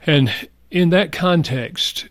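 Homme âgé, récit sincère et posé. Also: male voice, fairly high pitch, slow, no room sound. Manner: earnest, soft-spoken, reflective. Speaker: guest. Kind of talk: heartfelt personal storytelling.

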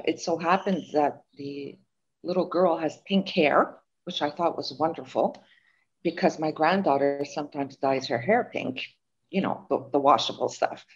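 In an interview chat, an older author from Montreal, Canada, spins animated, chatty stories laced with fillers. Her voice is low-pitched, and the recording has its highs cut off.

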